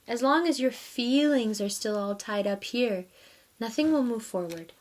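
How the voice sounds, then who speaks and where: A woman's voice: a little high, animated, measured pace. Chatty woman giving a tarot reading. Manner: warm, chatty, laughs often, speaks directly to viewers. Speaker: tarot reader. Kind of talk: casual tarot reading monologue.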